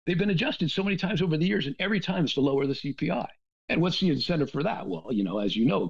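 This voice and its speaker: A man talking in a casual, animated rant, with lots of restarts and asides. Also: a little high, gravelly, breathy edge. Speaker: podcast guest. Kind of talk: casual ranting conversation. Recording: dull lo-fi sound.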